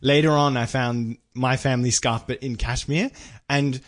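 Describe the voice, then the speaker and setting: A man's voice: mid-range voice, fairly even intonation, moderate pace. A young Australian man co-hosting a podcast in casual chat, joking and laughing often. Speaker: podcast co-host.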